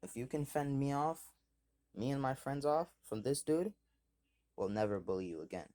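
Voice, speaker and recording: A man voicing a bratty, cruel young boy bully, reading his lines flatly. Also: mid-range voice, moderate pace, pitched above the performer's own voice, natural voice. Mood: taunting.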